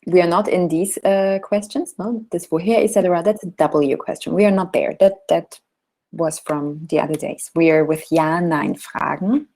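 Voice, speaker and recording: A woman's voice: on the low side, moderate pace, vocal fry, mellow, low-quality recording. A woman teaching a class, patiently explaining and modelling example sentences. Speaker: German teacher. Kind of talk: online language lesson.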